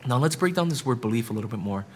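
A man's voice: medium pitch, animated, rapid-fire, a little hiss or hum. A man preaching a sermon as pastor, building emphatic repetitions and often checking in with the listeners with "right?".

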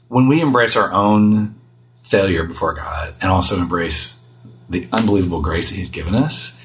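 A middle-aged man speaks in a lowish voice as a guest on an interview. He is earnest and self-deprecating, talking through parenting in a relaxed conversational way. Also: rough recording.

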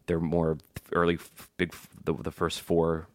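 A man's voice: low-pitched, no echo, clean studio sound. A man co-hosting a casual podcast, reading listener emails with jokey asides. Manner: animated, jokey, quick asides. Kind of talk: casual chat.

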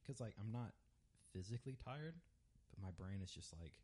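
A young man co-hosting a podcast, telling stories in a rambling, animated casual chat full of fillers. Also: on the low side, moderate pace, slightly rough. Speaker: podcast co-host.

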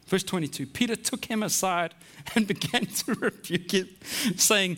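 A man preaching a sermon in a conversational way, often checking in with the listeners with quick asides. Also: sits high, a bit bright. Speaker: pastor.

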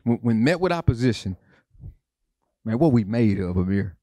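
A man's voice: lowish voice, lively intonation, moderate pace, dark tone, dry recording. A male pastor preaching a sermon, repeating phrases and asking his congregation questions.

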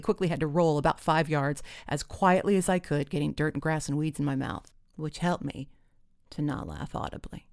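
A woman telling a comic personal story with wry, deadpan timing. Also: low-pitched, normal speed, no room sound, clean studio sound.

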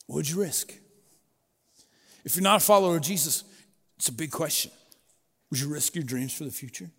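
A middle-aged man preaching a sermon in a relaxed, conversational way, storytelling and acting out quoted voices. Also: on the high side, fairly quick, slightly rough, big-room sound. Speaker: pastor.

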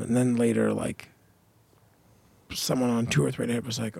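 Husky gravelly-voiced man chatting. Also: mid-range voice, fairly even intonation, moderate pace, pauses often, mellow, dry recording. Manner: jokey, chiming in with asides. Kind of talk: casual banter.

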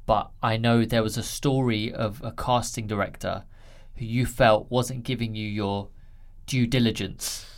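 A man's voice: fairly low pitch, steady tone, measured pace. A man hosting a podcast, asking long, earnest questions of his guest. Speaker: podcast host. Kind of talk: interview questions.

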